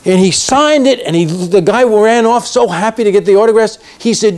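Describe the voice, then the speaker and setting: A man's voice: sits high, normal speed, hardly any pauses. A man, an actor, telling a story in an interview and acting out the voices of everyone in it. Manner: animated, acts out each person's lines in the story.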